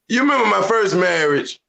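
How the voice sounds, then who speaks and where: A man co-hosting a casual podcast chat, telling stories in an animated, lecturing way. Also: high voice, moderate pace, creaky, low-quality recording. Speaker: podcast co-host.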